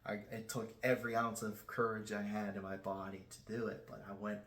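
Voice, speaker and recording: A man hosting his own channel, telling a personal story in a casual, halting way with many restarts. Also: lowish voice, level tone, fairly bright tone, reverberant. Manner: self-described shy. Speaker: channel host.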